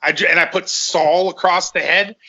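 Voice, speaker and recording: A man's voice: high voice, fairly even intonation, normal speed, gravelly, bright, forceful tone, breathy edge, dull audio. A middle-aged man, a former fighter, telling rambling, profane stories in casual conversation and often repeating himself.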